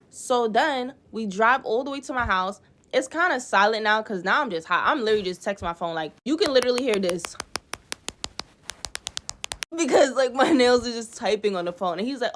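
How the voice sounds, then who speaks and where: A woman's voice: on the high side, a little fast. Exasperated young woman telling a storytime. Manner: animated, profane, exasperated retelling with acted-out quotes. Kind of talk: casual storytime to camera.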